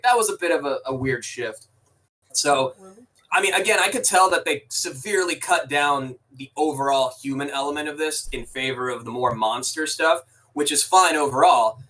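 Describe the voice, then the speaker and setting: A podcast co-host with a medium-pitched, sharp-toned voice chats casually about a film, rambling, restarting sentences and swearing now and then. He is recorded from a distance, and the recording is rough.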